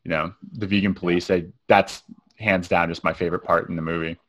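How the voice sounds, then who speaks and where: A man's voice: low voice, steady tone, fairly quick, fairly bright tone. A man co-hosting a film review podcast, chatting casually and rambling with many restarts.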